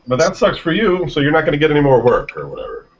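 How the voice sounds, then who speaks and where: Brief: quick-talking male host, teasing questions, muffled audio with faint room noise. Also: a little high, wildly swooping pitch. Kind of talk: casual chat. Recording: dull lo-fi audio, faint ambience.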